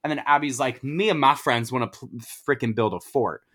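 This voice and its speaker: A man's voice: medium pitch, a little fast, a bit bright. A man co-hosting a podcast, casually recapping a movie scene by scene in slangy, profane talk and acting out the characters' lines in quotes. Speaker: podcast co-host.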